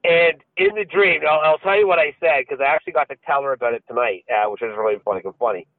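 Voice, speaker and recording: A man's voice: fairly high pitch, quick pace, dry recording. Laughing, profane man on a tinny line. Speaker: podcast co-host. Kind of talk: casual podcast chat. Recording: dry, phone-like lo-fi sound.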